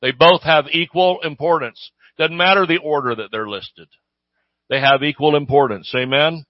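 A man preaching a sermon in a relaxed, conversational way, often checking in with his listeners with a questioning "Amen?". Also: a little high, moderate pace, no echo, dull audio. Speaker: pastor.

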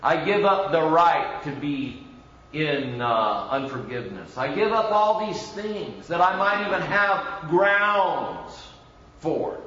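A man's voice: fairly high pitch, lively intonation, slow, bright, forceful tone. A man, a pastor, preaching a conversational sermon full of rhetorical questions and mock voices. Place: church. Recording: roomy, dull church recording.

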